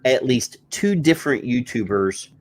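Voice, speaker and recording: A man's voice: medium pitch, expressive, measured pace, darkish tone. A man hosting a podcast, joking and spinning playful schemes in casual chat. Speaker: podcast host.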